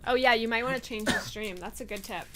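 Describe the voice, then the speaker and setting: A woman's voice: on the high side, fast talker, background noise. A woman co-hosting a casual livestream, reading out chat comments and teasing playfully. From Canada.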